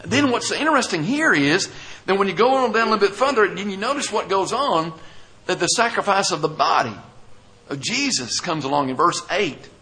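A man's voice: high voice, animated, a little fast, pushed and bright, poor audio. A man, the pastor, preaching a sermon, reading scripture aloud and asking the congregation questions he then answers.

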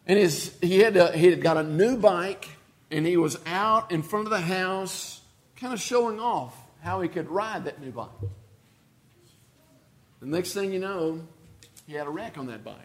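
Guy preaching a sermon, pretty high voice, goes loud then drops real soft, repeats stuff for emphasis. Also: unhurried, long pauses. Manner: storytelling with dramatic swings in loudness and pace; repeats key phrases for emphasis.

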